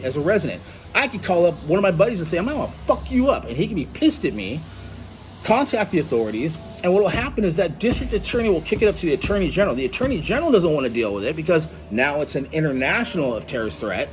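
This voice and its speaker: A man's voice: a little high, big pitch swings, racing, soft background music. A man giving an angry, profane monologue to camera at home, blunt and combative. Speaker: vlogger. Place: indoors at home.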